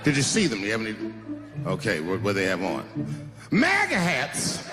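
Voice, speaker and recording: A man doing a deadpan veteran cop. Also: lowish voice, reverberant, background noise, voice pushed down. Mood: skeptical. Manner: deadpan, slow questioning. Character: slow, skeptical veteran male police officer. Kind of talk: stand-up act-out.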